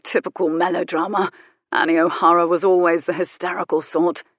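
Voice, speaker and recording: A woman's voice: fairly low pitch, level tone, brisk, dry recording, clean studio sound, natural voice. A woman reading an audiobook, voicing a smug, cruel aristocratic man in a self-satisfied, sneering manner. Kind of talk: audiobook character voice.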